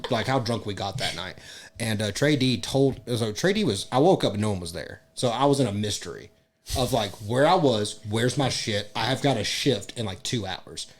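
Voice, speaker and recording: Animated, swearing young man telling stories. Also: fairly low pitch, normal speed. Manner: profane, laughing, excitable storyteller. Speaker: podcast host. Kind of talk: casual podcast chat, storytelling.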